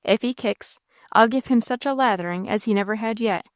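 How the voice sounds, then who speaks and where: A woman reading an audiobook voices a rough, bullying country man who speaks in a coarse rural dialect and taunts coolly. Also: a little high, brisk, dry recording, clean studio sound, lightly acted. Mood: taunting. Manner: cool, taunting.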